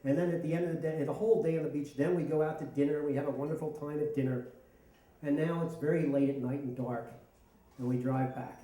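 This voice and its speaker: A middle-aged man tells a comic story live on stage, self-mocking and lively. His voice comes from a distance in an echoey hall. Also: on the high side, fast. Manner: animated, self-mocking, laughing through lines. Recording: echoey hall, mic from far off.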